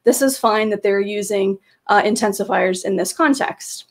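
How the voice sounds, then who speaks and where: A woman with a mid-range voice at normal speed presents a webinar's slides to teachers. As a teacher trainer on a video call, speaking into a computer microphone, she explains patiently, with many fillers and restarts.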